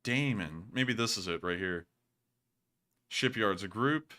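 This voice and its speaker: A man's voice: on the low side, lively intonation, measured pace, bright, forceful tone. A man hosting a livestream, talking in a chatty, rambling way with joking asides. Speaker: livestream host. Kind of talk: casual live commentary.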